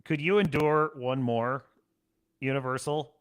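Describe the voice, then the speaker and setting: A man hosting a livestream show, chatting casually in a rambling, animated way and laughing often. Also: mid-range voice, a little slow, clean tone.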